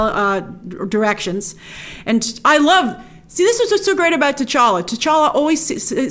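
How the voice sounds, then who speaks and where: Excited chatty woman show host. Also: on the high side. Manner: excited, chatty, quotes characters with little voices. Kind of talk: casual episode breakdown and review.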